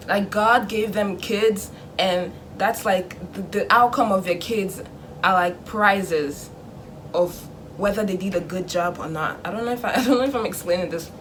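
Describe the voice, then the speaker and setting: A young woman vlogging in casual chat, animated, acting out her parents in a hushed voice. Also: medium pitch, a little hiss or hum.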